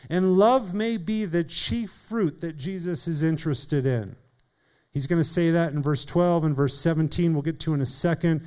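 A man preaching a sermon in an earnest way, speeding up and slowing down for emphasis and calling on listeners by name. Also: on the high side, a little mellow, clear, resonant tone. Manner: earnest preaching, shifting pace and volume for emphasis. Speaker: pastor.

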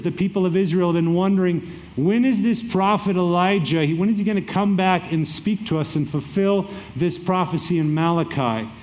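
A high-pitched man preaches a sermon, walking through scripture. His delivery is energetic, with emphatic drops and lifts. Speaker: pastor.

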